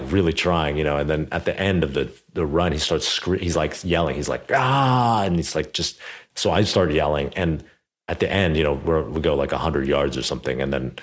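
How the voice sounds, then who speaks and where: A man in his thirties hosting a podcast interview, telling a story in a chatty way full of fillers. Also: very deep voice. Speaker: podcast host. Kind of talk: casual conversational interview.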